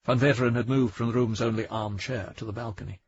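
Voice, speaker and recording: A male audiobook narrator reading a crime novel in a steady, measured way. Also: mid-range voice, breathy edge, dry recording. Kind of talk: scripted narration. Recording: dry, dull audiobook recording.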